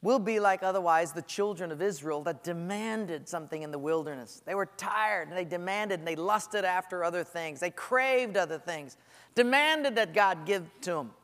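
A man preaches with a fairly high voice, telling lively stories and slipping into the voices of whining people and answering characters. His words ring out with a long reverb from a big hall. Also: moderate pace. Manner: animated storytelling, acting out voices of people praying. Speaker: pastor. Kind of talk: sermon.

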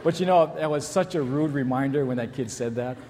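A man's voice: medium pitch, a little fast, long reverb tail, a crowd in the background, noisy background. A middle-aged man, a pastor, preaching a sermon in a church, telling stories animatedly and acting out the people in them. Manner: animated storyteller, acts out shouts and kids' voices. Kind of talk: sermon with storytelling.

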